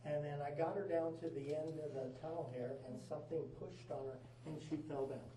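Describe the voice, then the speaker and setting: A man's voice: a little high, fairly even intonation, a little fast, dark tone. Tour guide guy spinning spooky stories, far off in an echoey mine, lots of hiss. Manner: folksy, dramatic storyteller. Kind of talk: storytelling to a tour group. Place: inside an old mine tunnel. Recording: echoey tunnel, far from mic, noisy.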